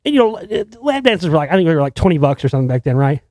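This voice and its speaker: A man's voice: fairly high pitch, big pitch swings, racing, darkish tone, no room sound. A man who makes films tells a rambling, profane story in a casual way, often restarting his sentences. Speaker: filmmaker telling a story.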